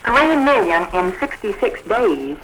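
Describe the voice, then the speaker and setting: Woman, 1940s radio interviewer, bright tone, lively bantering questions. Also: mid-range voice, a little slow, a little hiss or hum, poor audio.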